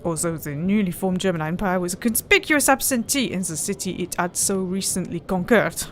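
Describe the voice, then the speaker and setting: A woman's voice: fairly low pitch, a little fast. A woman hosting a let's play, reading the game's story text aloud and chatting, often breaking into laughter. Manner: giggly, breaks into laughter, tries silly voices. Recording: faint background noise.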